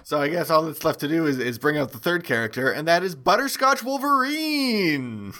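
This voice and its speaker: A man co-hosting a casual comedy podcast with a very animated, swooping pitch. He drops dry one-liners and leads into new bits. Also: moderate pace. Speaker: podcast co-host.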